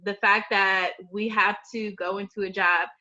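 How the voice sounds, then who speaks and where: Woman on a podcast, earnest n measured, bright voice, muffled audio. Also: medium pitch, flat delivery. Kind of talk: casual podcast chat.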